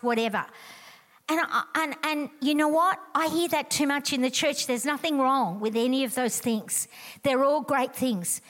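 A woman's voice: high-pitched, moderate pace, a bit bright. A middle-aged woman preaching a sermon in an emphatic, conversational way, repeating her key lines.

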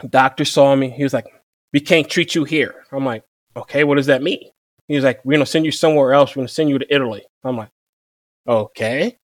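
A young man who served as a Marine, telling his story in a relaxed, conversational way and quoting people with "I'm like.". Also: mid-range voice, dry recording, studio quality. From Virginia. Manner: relaxed, repeats "I'm like" to quote himself. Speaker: interview guest, former Marine machine gunner.

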